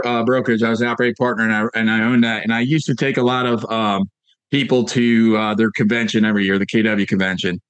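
A man's voice: mid-range voice, no echo. A man coaching real estate agents in a casual motivational talk, telling stories with lots of fillers and repeated phrases. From Northern Virginia, USA.

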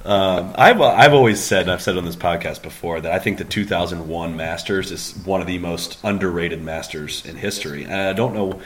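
A man hosting a casual podcast, with a voice on the low side. He talks eagerly and reels off stats and scores as he goes. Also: brisk, few pauses, slight background noise. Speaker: podcast host. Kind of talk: casual chat.

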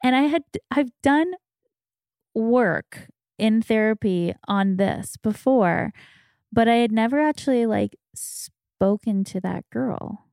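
A woman's voice: mid-range voice, creaky, dark tone, no echo, clean studio sound. A woman in her thirties hosting a podcast, telling her own story in a candid, reflective casual chat. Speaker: podcast host.

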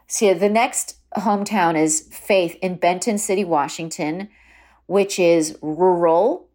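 A woman hosting a podcast, recapping a TV show in casual chat, chatty and quick to laugh, with plenty of fillers. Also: lowish voice, darkish tone. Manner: chatty, full of fillers and laughs, mimics quotes. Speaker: podcast host.

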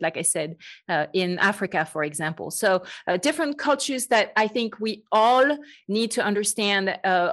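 A woman with a noticeable French accent talks as a guest on a podcast interview. She explains her ideas in an articulate, measured way and keeps a light, joking touch, with a voice that sits in the middle of the usual female range. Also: mid-range voice. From France. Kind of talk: conversational interview.

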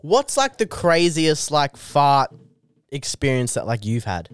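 Young male comic guest, emphatic banter, smooth resonant voice, dry close mic. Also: fairly high pitch, sing-song, measured pace, no room sound. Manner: emphatic, swearing, eager banter. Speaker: comedian guest. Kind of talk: casual comedy podcast chat.

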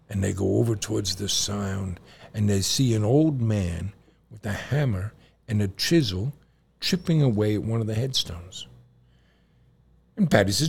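A middle-aged father co-hosting a casual show, an animated storyteller who laughs often. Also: on the low side, measured pace, creaky, pauses often, breathy edge. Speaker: podcast co-host and father. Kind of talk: casual chat and joke telling.

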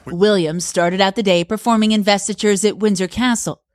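A woman news correspondent delivering a measured, scripted news report. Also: mid-range voice, steady tone, a little hiss or hum.

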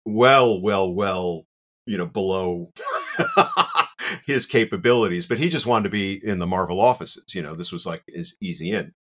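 A man, a guest on the show, telling an anecdote in a casual, animated way with self-deprecating asides and lots of "you know.". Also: deep voice, unhurried.

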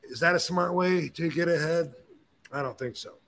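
A man hosting a podcast, telling stories and opinions in a casual, animated way, with frequent swearing. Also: a little high, normal speed, gravelly. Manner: animated, profane storyteller. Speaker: podcast host. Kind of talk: casual chat.

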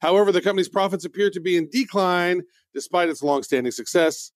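A man's voice: high-pitched, fast talker, dry recording, studio quality. A man hosting a podcast, chatting loosely through a news rundown with plenty of fillers. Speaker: podcast host.

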